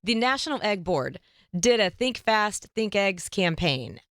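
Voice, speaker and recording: A woman hosting a podcast, telling a story in a lively, chatty way and squealing up high when she quotes herself. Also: unhurried, no echo, studio quality. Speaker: podcast host. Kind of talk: casual storytelling chat.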